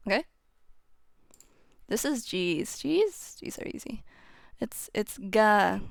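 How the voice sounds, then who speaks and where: A woman casually teaching how to pronounce Japanese syllables, chatting informally and then singing the syllables out in a steady tone. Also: mid-range voice, measured pace, creaky, pauses often, clear, resonant tone, faint music behind. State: voice getting strained. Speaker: UTAU voicebank tutor.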